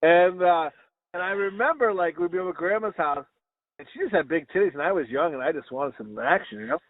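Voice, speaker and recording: A male podcast co-host with a high voice talks fast, rambling through crude stories and laughing along the way. The casual chat sounds tinny, like it came through a phone.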